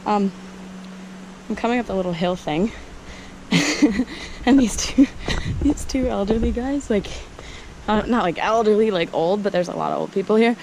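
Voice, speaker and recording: A woman's voice: mid-range voice, moderate pace, pauses often, a little mellow, slight background noise, low-quality recording. A young woman chatting casually while hiking, giggly and self-deprecating, filmed on a handheld camera outdoors by flowing water. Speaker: vlogger.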